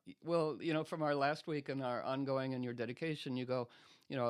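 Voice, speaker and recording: A man telling an old legend in casual, animated talk that is full of restarts. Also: medium pitch, brisk, clean tone, no room sound, clean studio sound. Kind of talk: casual chat and storytelling.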